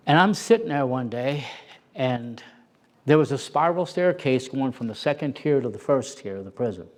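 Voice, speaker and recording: A middle-aged man telling stories as an interview guest, animated and acting out the voices he quotes. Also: mid-range voice, moderate pace. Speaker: interview guest, former prison officer. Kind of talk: storytelling in a conversation.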